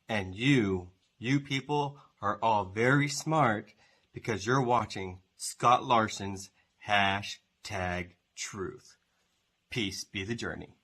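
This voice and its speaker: A man reading a short promo outro in a deliberate way. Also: on the low side, a bit bright.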